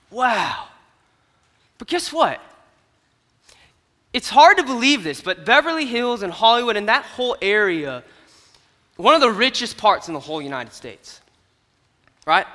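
A young man giving a comedic storytelling sermon at an event, animated and swinging from hushed to loud. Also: high voice. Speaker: youth speaker at an event. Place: large hall at an event. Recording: hall reverb from a stage.

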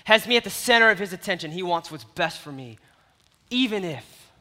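A man delivers a sermon in a high, bright voice, telling stories with animated swings between loud and soft. His voice carries the long reverb of a large hall. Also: fairly quick. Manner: animated storytelling with big swings in loudness. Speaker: youth pastor.

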